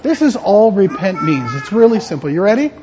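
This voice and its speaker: A pastor gives a playful children's sermon, his voice high, lively and a bit husky. He leads the kids along gently, and the sound echoes around a big church hall on a dull lo-fi recording. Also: fairly quick, background noise. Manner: playful, interactive, gently teaching. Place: church sanctuary.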